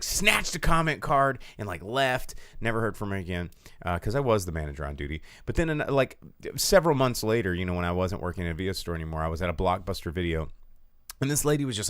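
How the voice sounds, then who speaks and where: A man co-hosting a casual movie chat, telling animated stories and mocking rude people in shrill put-on voices. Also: no room sound, studio quality. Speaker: podcast co-host.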